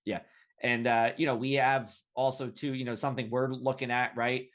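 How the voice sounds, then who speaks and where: A man's voice: medium pitch, little pitch movement, normal speed, fairly bright tone. Chatty New man hosting a podcast. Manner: chatty, rambling, filler-heavy. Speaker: podcast host. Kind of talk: casual weather podcast chat.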